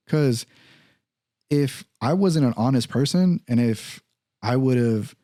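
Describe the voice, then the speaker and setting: A podcast host with a mid-range voice recounts a story casually, swearing plenty, staying animated, and acting out what others said. It's captured at studio quality with no room sound.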